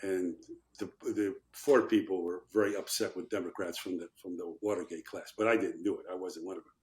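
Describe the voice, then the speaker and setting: An older former congressman tells stories and plays out the voices of the people in them. His voice sits low, and the room around him has a noticeable echo. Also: brisk. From Chicago, USA. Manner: animated anecdotes, acting out quotes. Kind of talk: storytelling in a podcast interview.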